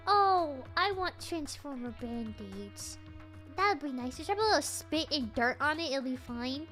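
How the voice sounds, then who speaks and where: Bubbly high-voiced young woman streamer. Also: lively intonation, unhurried, a bit bright, soft background music. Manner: bubbly, giggly, greets chat over and over. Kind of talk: live game stream chat.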